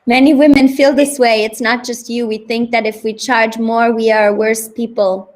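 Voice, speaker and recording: A woman's voice: fairly high pitch, flat delivery, moderate pace. A woman coach hosting a casual interview over a video call, upbeat and motivational, repeating her points for emphasis. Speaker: business coach and host.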